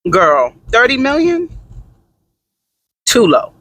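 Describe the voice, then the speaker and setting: A man doing sassy, animated gossip commentary in a casual vlog, with dramatic asides. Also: sits high, no echo. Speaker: vlogger.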